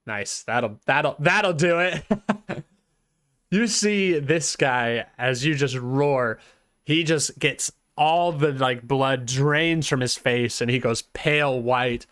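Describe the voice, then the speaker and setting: A man's voice: medium pitch, fairly bright tone, no room sound, clean studio sound. A man narrating as game master for a tabletop game, talking hesitantly with fillers and restarts.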